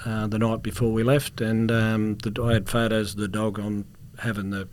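A middle-aged Australian man, formerly a police officer and security contractor, rambles through anecdotes as a guest in a casual storytelling interview on a podcast. His voice is fairly low and level at a moderate pace, with an occasional cough and slight background noise.

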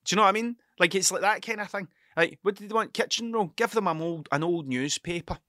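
A hungover young man rants in a restless, self-mocking ramble, with swearing in nearly every breath. His voice sits a little high and sounds bright and tense. The sound is dry and close, with no room around it. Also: fast talker, no echo. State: hungover and sleepless. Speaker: podcast host. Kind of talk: rambling casual monologue. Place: cluttered room at home.

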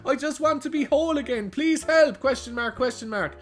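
Guy putting on a squeaky hushed voice, some desperate forum poster begging for help, all drama. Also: brisk. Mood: melodramatic pleading. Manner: high, hushed, melodramatic pleading. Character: frantic internet user pleading for help.

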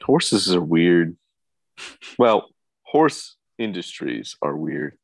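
A man co-hosting a comedy podcast in laid-back chat, laughing often. His voice is fairly low and gravelly, and his pitch leaps around very widely. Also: sing-song, extremely slow. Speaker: podcast co-host.

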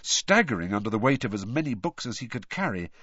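A man reading a novel aloud with expressive storytelling. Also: mid-range voice, fast, slightly rough, no echo, lo-fi sound. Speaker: audiobook reader. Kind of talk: scripted narration.

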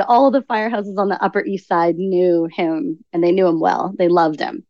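Woman, podcast guest, animated storytelling, acts out quotes, middle pitch, slightly dull lo-fi audio. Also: brisk, dry recording. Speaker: podcast guest, author and nutritional coach. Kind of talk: conversational interview storytelling.

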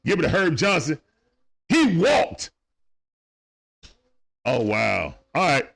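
A man's voice: fairly high pitch, wildly swooping pitch, slow, gravelly, a bit bright, husky. A man doing casual play-by-play commentary on a live stream. He talks in slang, greets viewers by name, and speaks into a phone.

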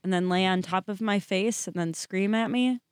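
A young woman, a guest in a casual chat, speaking with a deadpan, wry manner. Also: medium pitch, moderate pace, clean tone, no echo, clean studio sound.

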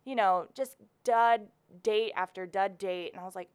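Chatty young woman with a clear voice. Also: mid-range voice, normal speed, few pauses, no echo. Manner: chatty, lots of fillers, laughs easily. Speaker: podcast co-host. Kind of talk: casual chat.

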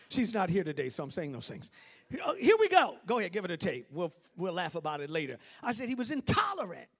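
A bishop preaching with a high, lively voice that swoops widely. He drops to hushed asides, then climbs to shouted peaks, and banters and laughs with his congregation. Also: fairly quick, breathy edge. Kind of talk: sermon.

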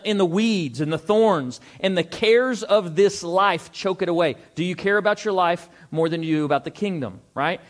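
A male pastor preaching a sermon, reading scripture aloud and asking the congregation rhetorical questions. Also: sits high. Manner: reads scripture aloud, slows for stressed words.

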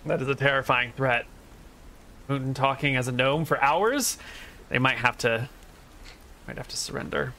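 A man narrating scenes and rules as game master, relaxed and descriptive with frequent fillers. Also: medium pitch, moderate pace, pauses often.

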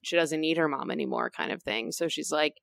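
A young woman co-hosting a podcast, telling stories in a relaxed, casual way and laughing easily. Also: sits low, brisk, creaky, no room sound. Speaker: podcast co-host. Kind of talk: casual book discussion chat.

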